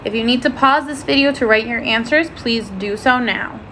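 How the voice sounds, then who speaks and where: A woman teaching a first-grade phonics lesson, sounding out letters and words slowly and clearly. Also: on the high side, sharp tone, slight background noise, low-quality recording.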